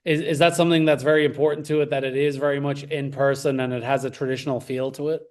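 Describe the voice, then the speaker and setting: A man hosts a casual interview, chatty and lightly joking with his guest. He speaks at an ordinary middle pitch. He often starts with an "uh" or repeats a word before his question. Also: little pitch movement, fast, darkish tone. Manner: chatty, joking, with hesitant fillers. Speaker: TV show host, interviewer.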